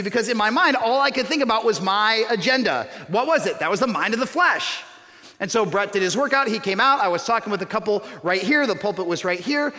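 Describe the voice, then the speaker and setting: A man preaching a sermon as pastor, telling stories with self-mocking humor. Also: sits high. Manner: storytelling, animated and self-mocking. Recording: reverberant hall.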